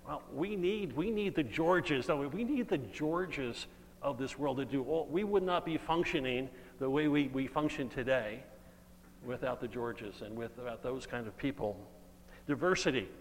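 A man preaching an earnest, emphatic sermon and reading scripture aloud. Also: medium pitch. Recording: long hall reverb, faint hum.

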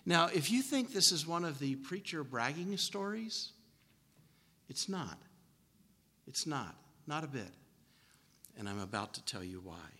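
Man, preacher, folksy storytelling sermon, bright voice, long hall reverb. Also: a little high, very animated, unhurried, long pauses, husky.

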